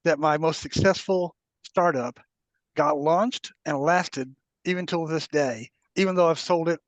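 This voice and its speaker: Male event host, casual and agreeable, slightly high voice. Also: a little slow, no room sound, low-quality recording. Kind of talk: casual chat.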